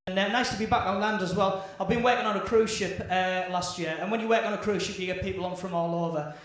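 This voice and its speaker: A man's voice: sits high, fairly even intonation, quick pace, a bit bright. A man doing stand-up comedy on a club stage, chatty and self-deprecating. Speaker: stand-up impressionist. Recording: echoey comedy club, live.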